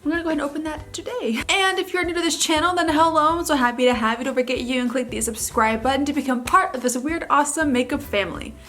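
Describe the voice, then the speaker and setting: A woman's voice: high-pitched, quick pace, few pauses, a bit bright, soft background music. A young woman vlogging casually from her couch as she unboxes a package for her dog, often gushing and slipping into baby talk. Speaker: beauty vlogger. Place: living room couch.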